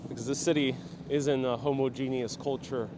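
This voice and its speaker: A New York City man hosts an outdoor live walking tour, chatting with viewers and reading out and answering their comments. His voice is mid-range with fairly even intonation and a normal pace, over a noisy background.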